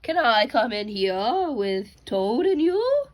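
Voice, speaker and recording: A worried little goat from a bedtime picture book pleads to come in out of the rain, as a woman reads him aloud. The voice sits high and slow, gentle and childlike. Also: sing-song. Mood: pleading.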